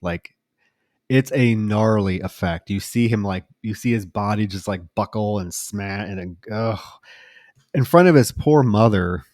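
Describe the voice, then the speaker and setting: A man co-hosting a horror movie podcast, recounting scenes in a casual, steady way. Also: fairly low pitch, unhurried, dry recording, studio quality. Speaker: podcast co-host.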